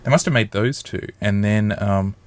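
A man's voice: fairly low pitch, moderate pace. A man co-hosting a podcast, musing in a loose, wry casual chat. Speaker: podcast co-host.

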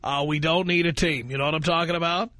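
A man hosting a radio call-in show, brash and mocking with quick comebacks. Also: fairly high pitch, steady tone, pushed and bright. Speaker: radio talk show host. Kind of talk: talk radio call-in banter.

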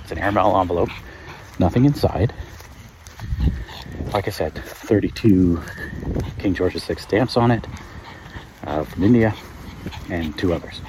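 A man's voice: deep voice, warm tone. A man hosting his own podcast, chatting in a casual rambling way with lots of fillers and laughs, a little out of breath as he walks his dog outdoors. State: out of breath while walking. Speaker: podcast host. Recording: outdoor field recording with noise. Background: dog and outdoor ambience.

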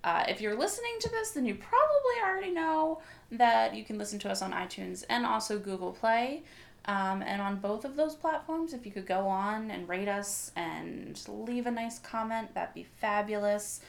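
A woman co-hosting a podcast in casual chat, chatty and quick with asides. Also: mid-range voice, expressive, vocal fry. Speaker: podcast co-host.

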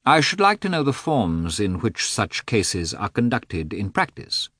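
A man voicing a stiff middle-aged official who speaks formally and with measured emphasis. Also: fairly low pitch, big pitch swings, a bit bright, husky, no echo, studio quality, full character voice.

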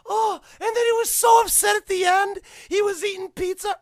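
Excitable high-voiced man, swearing freely. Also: normal speed, hardly any pauses, no room sound, clean studio sound. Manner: excitable, profane, laughs often. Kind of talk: casual chat.

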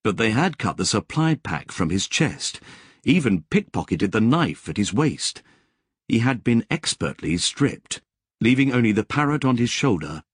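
A man narrating an audiobook in scripted, expressive storytelling with vivid description. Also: fairly low pitch, breathy edge, dry recording, clean studio sound.

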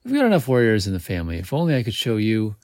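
A man's voice: on the low side, huge pitch swings, rapid-fire, darkish tone, no room sound, studio quality. A man voicing a dreamy young boy who longs to be a bard, speaking with a stammer. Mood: earnest.

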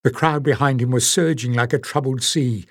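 A man reading fantasy audiobook narration in a measured, dramatic way. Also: mid-range voice, husky, no room sound, clean studio sound.

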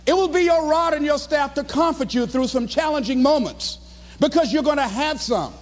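A man's voice: extremely high pitch, moderate pace, in a large hall. A man giving a live motivational speech, emphatic and repetitive as he exhorts the audience. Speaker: motivational speaker.

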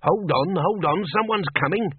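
A man voicing a nervous, fretful wizard with a hushed way of talking. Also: on the high side, animated, moderate pace, slightly rough, no echo, pitched above the performer's own voice. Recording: tinny phone-like dry audio.

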